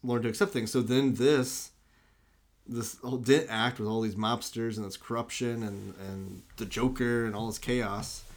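Animated man in casual film talk. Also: mid-range voice. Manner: animated, acts out lines in quick impressions. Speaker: podcast co-host. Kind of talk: casual movie discussion.

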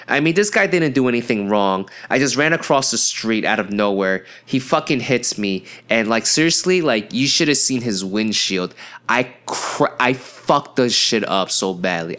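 A young man hosting a podcast, telling a story in a rambling, profane and excitable way, full of fillers and restarts, and jumping into high yelps when he acts out his friends. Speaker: podcast host. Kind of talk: casual storytelling monologue.

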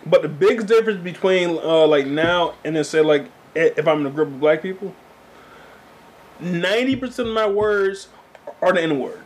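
A man's voice: a little high, animated, normal speed. A man co-hosting a loose, joking casual chat. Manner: loose and joking, slips into impressions.

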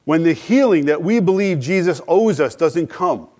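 A man's voice: a little high, expressive, moderate pace, darkish tone. A middle-aged man preaching a sermon, earnest, asking rhetorical questions and acting out quoted dialogue. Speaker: pastor.

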